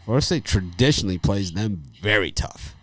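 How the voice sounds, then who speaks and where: A middle-aged man with a lowish voice hosts a casual sports betting chat. He rambles through stories, laughs often and repeats phrases. His delivery stays loose and conversational. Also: expressive, a little fast, a bit bright, no room sound. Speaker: sports betting show host.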